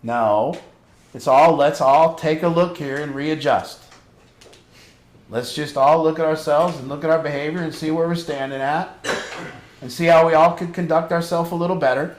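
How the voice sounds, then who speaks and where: A man's voice: fairly high pitch, fairly even intonation, normal speed, echoey room. A man leading a family group as an addiction counselor, frank and conversational, asking pointed questions.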